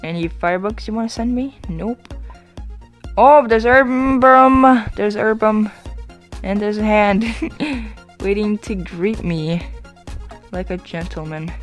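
Chatty woman narrating her gameplay. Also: medium pitch. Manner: chatty, apologetic, bursts into excited exclamations. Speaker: YouTube gamer. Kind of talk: let's-play gameplay commentary.

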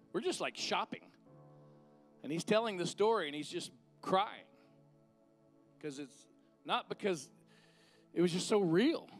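A man's voice: high voice, fairly bright tone. A middle-aged man, preaching a conversational sermon and leading an altar call. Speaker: guest minister.

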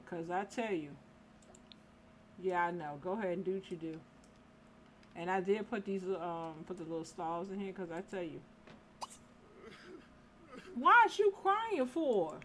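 A woman's voice: lowish voice, a little mellow, slight background noise. A woman casually commentating a life-simulation game, scolding the characters in exasperation. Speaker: gameplay commentator. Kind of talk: casual let's-play commentary.

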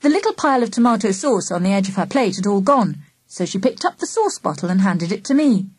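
A woman narrating a children's audiobook in the first person with a lively, expressive reading. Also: medium pitch, a little fast, slightly rough, no room sound.

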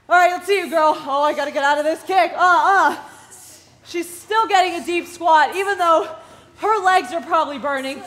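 A woman fitness instructor leading a workout class, energetic and encouraging, calling out counts and moves. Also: extremely high pitch, unhurried.

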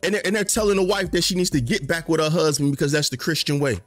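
A man in his late twenties or thirties giving a passionate casual commentary rant, full of slang, his voice climbing high in outrage and then dropping to a low mutter. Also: quick pace, faint music behind. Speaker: commentary vlogger.

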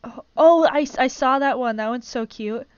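Excitable gushing woman streamer. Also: high voice, normal speed, clean tone, no room sound, lo-fi sound. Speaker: streamer host. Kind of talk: casual live-stream chat while gaming.

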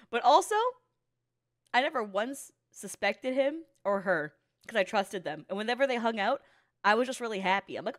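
A woman's voice: fairly high pitch, moderate pace, long pauses. A woman giving casual reaction commentary on an anime. She swears freely, laughs often and talks candidly about her own past. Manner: animated and profane, laughs often.

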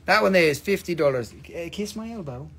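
Husky, lively man hawking crystals. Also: sits high, fairly quick. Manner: joking, swearing, lively asides. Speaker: live-stream crystal seller. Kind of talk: casual live sales chat.

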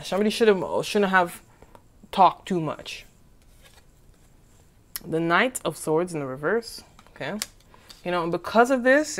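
A woman doing a casual tarot reading who rambles, repeats herself and keeps asking "okay?". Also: lowish voice. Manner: chatty and informal, with "okay?" checks. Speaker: tarot reader.

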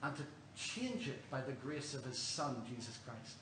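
A man's voice: mid-range voice, very animated, normal speed. An Irish man preaching a sermon in a church, earnest and questioning, telling stories to the congregation. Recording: roomy church, distant mic, faint hum.

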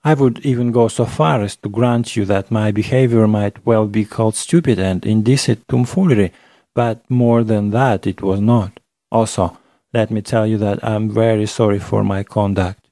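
A man narrating a classic novel in the first person, measured and literary, on a close studio mic. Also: lowish voice, steady tone, dark tone, no echo. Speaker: audiobook narrator.

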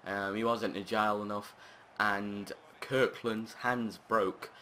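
A man commentating his own football video game match, chatting along and breaking into shouted, sweary outbursts at the play. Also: lowish voice, fairly even intonation, slow, slight background noise. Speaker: gaming channel host.

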